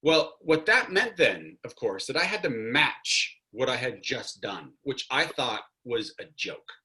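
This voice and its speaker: Bright-voiced man telling a lively story. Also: medium pitch, measured pace. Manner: animated anecdote teller, acts out quotes. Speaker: guest actor. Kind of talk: casual storytelling on a video call. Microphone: video call.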